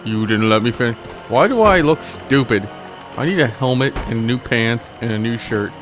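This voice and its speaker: A man's voice: medium pitch, expressive, moderate pace, over music. A man giving rambling, joking, self-mocking commentary while he plays a game. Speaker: let's play host. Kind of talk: gameplay commentary.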